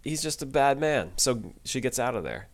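A man's voice: medium pitch, big pitch swings, normal speed. A man co-hosting a podcast, chatting casually and laughing easily, with frequent restarts. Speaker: podcast co-host. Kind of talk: casual chat.

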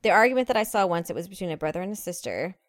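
A woman with a Midwestern American accent, co-hosting a casual chat and telling animated stories. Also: fairly low pitch, very fast, no echo, studio quality. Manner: animated storytelling, acts out quotes.

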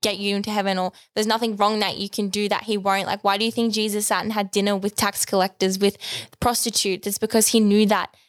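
A woman's voice: mid-range voice, level tone, fast talker, few pauses, clean tone, no echo. Chatty young woman talking faith. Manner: chatty, reflective, many fillers and restarts. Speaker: podcast co-host. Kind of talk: casual faith discussion.

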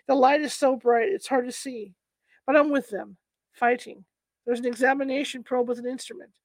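A woman reading the part of a frightened man reliving an alien abduction under hypnosis, halting and fearful. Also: high-pitched, fairly even intonation, no echo.

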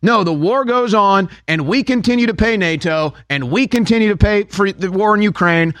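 Man, talk radio host, sarcastic, heated, fairly high voice, dry studio sound. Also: moderate pace, a bit bright, no echo. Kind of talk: opinionated talk radio monologue.

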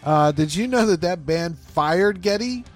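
A man co-hosting a podcast in casual banter, joking and laughing easily. His voice sits a little high and moves around a lot in pitch. He sounds playful and chatty. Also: expressive, unhurried, soft background music. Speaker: podcast co-host.

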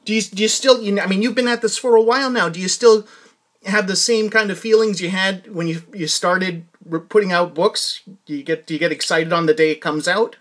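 A man's voice: high-pitched, fairly quick, fairly bright tone. A man hosting a podcast interview, talking casually, with frequent restarts and fillers. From New England. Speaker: podcast host.

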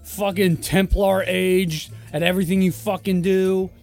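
A man's voice: high voice, little pitch movement, a little slow, gravelly, a little mellow, faint music behind. A man co-hosting a podcast, talking in crude casual banter in a blunt, mocking way. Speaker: podcast co-host.

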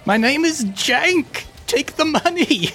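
A man voicing his adventurer character, bluffing in a hurried, blustering way. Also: very high-pitched, animated, bright, forceful tone, faint music behind, voice pushed up, heavily acted. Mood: insistent. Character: player character bluffing as a kobold commander's messenger.

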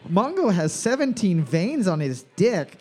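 A man's voice: sits high, sing-song, mellow. A man hosting a bar trivia night over a microphone, reading questions twice and joking crudely between them. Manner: jokey, profane, repeats each question slowly. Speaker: trivia quizmaster.

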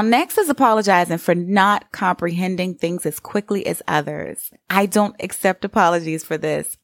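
A woman's voice: medium pitch, dry recording, studio quality. A middle-aged woman, hosting a solo podcast and talking in an encouraging, conversational way. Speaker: podcast host. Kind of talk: solo motivational podcast talk.

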